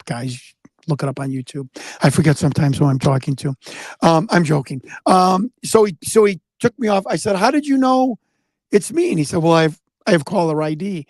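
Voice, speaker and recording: A rambling American man with a notably high voice tells a story in a casual interview. He keeps stumbling over repeated words and acts out the voices of the people he quotes. The sound is close and dry, with almost no room echo. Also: animated, normal speed, darkish tone. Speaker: guest investigator.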